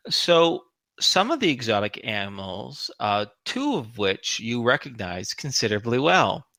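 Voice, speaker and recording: A man's voice: medium pitch, sing-song, unhurried, pushed and bright, dry recording. A man running a tabletop game as game master, narrating the scene and teasing his player with laughs. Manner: playful, teasing, laughs often.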